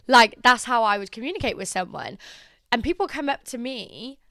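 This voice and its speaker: A young woman giving chatty, animated social media advice in a casual vlog. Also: on the high side, normal speed, no echo, clean studio sound. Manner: chatty and animated, acts out quotes.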